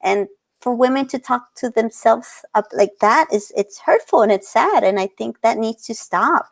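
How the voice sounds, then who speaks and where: In a casual interview, a portrait photographer in her thirties talks earnestly, laughing often and mixing Spanish words into her English. Her voice is on the high side and creaky, with lively intonation at a normal speed.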